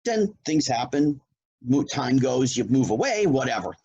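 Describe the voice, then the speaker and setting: A former child actor, now middle-aged and from New Jersey, tells an animated story casually, acting out the dialogue of those involved. His medium-pitched voice moves a little slowly, with the highs cut off and slight background noise.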